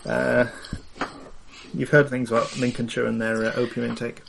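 A man running a tabletop game, narrating with many ums and pauses. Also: mid-range voice, level tone, creaky, a bit bright, a little hiss or hum. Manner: hesitant, many ums and uhs. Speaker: game master.

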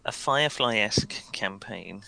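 A man's voice: lowish voice, lively intonation, a little slow, vocal fry, crowd noise. A man chatting on an online call, hesitant and self-mocking. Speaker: podcast regular and game master. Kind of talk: casual chat.

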